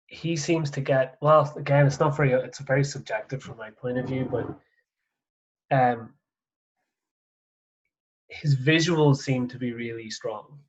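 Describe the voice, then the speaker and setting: Male golf coach hosting a casual chat, halting and filler-heavy, average pitch, dull low-fidelity sound. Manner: hesitant, filler-heavy speech with many likes. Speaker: golf coach and podcast host.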